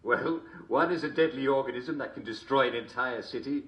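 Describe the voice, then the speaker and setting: A man's voice: medium pitch, brisk, fairly bright tone, close to an everyday voice. A man playing a jovial, constantly chuckling TV host, mock-cheerful and smarmy. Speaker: show host. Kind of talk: comedic character monologue.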